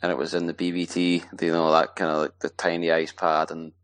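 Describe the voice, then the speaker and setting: Very deep-voiced man, relaxed. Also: brisk. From Scotland. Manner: relaxed, rambling, lots of fillers. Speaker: guest ice hockey player. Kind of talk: casual podcast interview.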